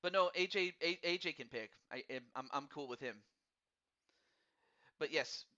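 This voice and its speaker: Bright-voiced man hosting a stream. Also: fairly high pitch, moderate pace, highs cut off. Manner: rambling, repeats words, upbeat and friendly. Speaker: host of a fantasy hockey draft stream. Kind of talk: casual live-stream chat.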